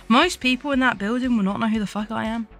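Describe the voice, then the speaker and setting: A woman's voice: a little high, a little fast, fairly bright tone. A young woman streaming as a VTuber, chatting casually while she draws, giggling often, swearing freely and poking fun at herself. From United Kingdom.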